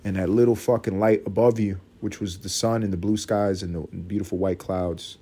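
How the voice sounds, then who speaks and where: A man's voice: fairly even intonation, normal speed, mellow, husky. Rambling profane podcast man. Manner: profane, rambling, breaks into high-pitched mock voices. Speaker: podcast host. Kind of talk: solo comedic podcast monologue.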